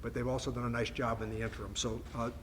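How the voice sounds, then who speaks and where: Older guy at a press conference, measured and emphatic, lots of uh's, faint noise behind. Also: medium pitch, little pitch movement. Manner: measured, emphatic, with frequent fillers and restarts. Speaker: congressman. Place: factory floor.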